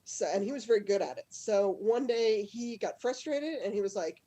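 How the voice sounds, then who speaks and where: A woman hosting a live storytelling comedy show over a video call, chatty and quick to laugh as she tells her own tale and introduces acts. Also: mid-range voice, warm tone. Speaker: show host.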